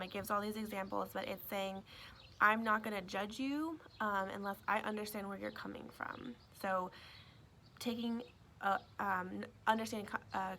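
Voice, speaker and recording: A woman teacher explains a lesson casually while standing outdoors beside a greenhouse. Her voice carries a gravelly, creaky texture. She talks in a chatty way, scattering fillers and tag questions through her explanation. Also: mid-range voice, fairly bright tone, a little hiss or hum.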